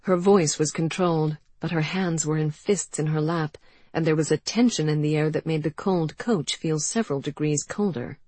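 A woman reading an audiobook in an even, measured storytelling manner. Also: deep voice, no room sound. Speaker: audiobook narrator. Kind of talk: scripted narration.

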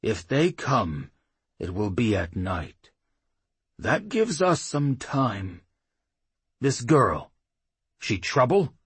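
A man voicing a bulky old half-orc warband chief who talks in short, gruff commands. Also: mid-range voice, very animated, extremely slow, long pauses, a bit bright, no echo, pitched above the performer's own voice, full character voice. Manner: barks orders, gruff and terse.

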